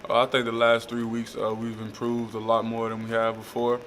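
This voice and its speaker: Answering questions from reporters at a press conference, a young college football player speaks flatly and haltingly, dropping many "uh" fillers. The young adult's voice is mid-range, with a little hiss or hum in the audio.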